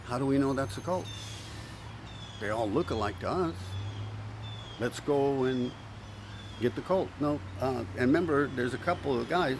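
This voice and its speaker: A male pastor preaching with animated storytelling, acting out quoted voices and restarting words often. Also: mid-range voice, normal speed, long pauses, background noise. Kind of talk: sermon.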